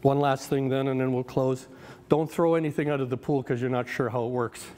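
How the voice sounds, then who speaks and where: A man's voice: medium pitch, steady tone, fairly quick, a little mellow, big-room sound. A man in his fifties preaching a sermon as a guest speaker, in a conversational, story-driven way with frequent restarts and repeated words. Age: 50s. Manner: conversational, anecdotal, with many restarts.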